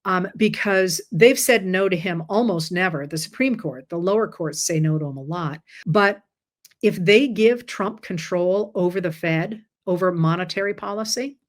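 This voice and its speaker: A woman's voice: lowish voice, moderate pace. A tired woman hosting a casual chat and explaining things step by step in a conversational way. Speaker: host.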